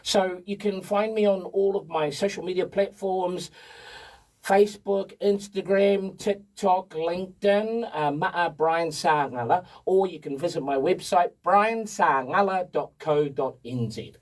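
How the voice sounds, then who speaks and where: A man, an energetic and chatty storyteller talking as a guest on a radio show. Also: high voice, a little slow, distant mic, rough recording. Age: 50s. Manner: energetic, chatty storyteller who laughs often. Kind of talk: casual radio interview. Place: radio studio.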